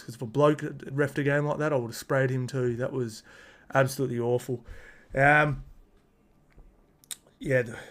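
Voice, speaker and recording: Blunt, slangy Australian man ranting about sport. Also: mid-range voice. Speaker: sports podcast host. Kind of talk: casual sports review rant.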